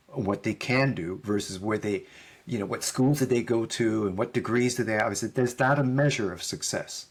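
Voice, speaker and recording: A man's voice: mid-range voice, brisk, husky. A middle-aged man, a podcast guest, telling a story in conversation and acting out both sides of the dialogue.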